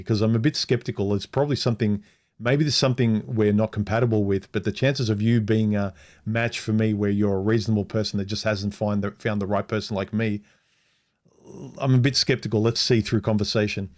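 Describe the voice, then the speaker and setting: With a fairly low, darkish voice, fairly even intonation, and a brisk pace, a middle-aged vlogger recounts a personal story on a casual livestream. He's outspoken and rambling, frequently starting over mid-sentence and acting out quotes.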